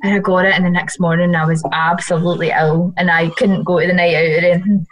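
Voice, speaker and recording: A young Scottish woman chatting as an interview guest. She is a radio presenter who tells stories quickly and pokes fun at herself, laughing easily. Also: lowish voice, flat delivery, slight background noise, poor audio. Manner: chatty, quick, self-mocking, laughs often. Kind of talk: casual chat.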